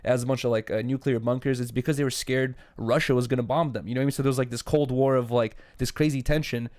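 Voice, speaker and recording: A man's voice: mid-range voice, fairly even intonation, fast, a little mellow. A young man co-hosting a podcast, chatting casually with lots of fillers and swearing. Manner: rambling, filler-heavy, swearing. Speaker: podcast co-host. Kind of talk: casual chat.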